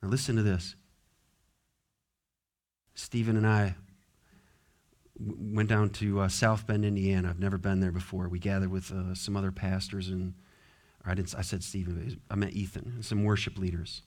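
A man preaching a sermon as pastor in a church, dropping to soft low asides and rising to loud, drawn-out exhortation. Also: little pitch movement. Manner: emphatic, drawn-out stressed words. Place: church sanctuary.

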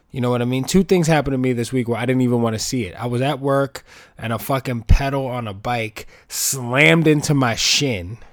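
A man's voice: mid-range voice, no room sound, studio quality. A young man telling a profane, rambling comedy story, acting out both sides of the conversations.

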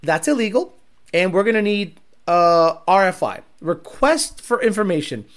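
A man's voice: sits high, big pitch swings, moderate pace, voice pushed down. A man voicing a stern male federal investigator demanding records. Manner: official, demanding.

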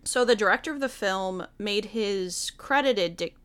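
Woman co-host, mid-pitched, casual and giggly, keeps stumbling on words. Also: measured pace, a bit bright, clear, resonant tone. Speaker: podcast co-host. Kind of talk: casual chat.

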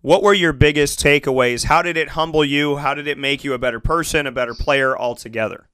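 Lively man interviewing a player. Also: on the high side, a little fast, clear, resonant tone, dry recording. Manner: playful, laughs often, mimics coaches. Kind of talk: casual sports interview.

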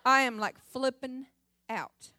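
A woman's voice: high voice, slow pace, pushed and bright. A middle-aged woman giving a church testimony, telling her story in a dramatic, emphatic way. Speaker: church speaker. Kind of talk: sermon testimony.

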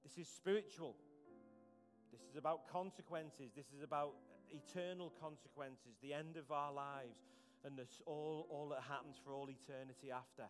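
A man's voice: on the high side, moderate pace, faint music behind. A man preaching a conversational, earnest sermon as pastor, often repeating words.

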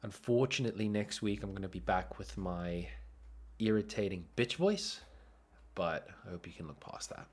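A man's voice: deep voice, normal speed, husky. A man who is sick, hosting a podcast and telling a story in a casual, laughing way. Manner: animated, laughs through his own story. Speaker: podcast host.

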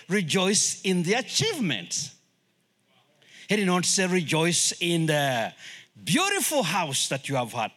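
A middle-aged man who is a missionary, preaching a sermon in English, which is not his first language, lively and acting out voices. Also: sits high. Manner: animated, acts out voices and laughs often.

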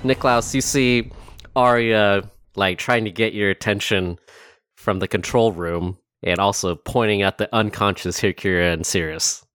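A man's voice: lowish voice, unhurried, fairly bright tone, smooth, dry recording. A man narrating a tabletop game as dungeon master, casual and self-correcting with chuckles.

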